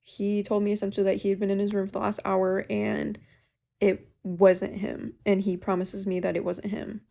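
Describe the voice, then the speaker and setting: A young woman casually telling a ghost story she lived through, in a chatty, animated way. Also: medium pitch, normal speed, gravelly. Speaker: caller sharing a ghost story.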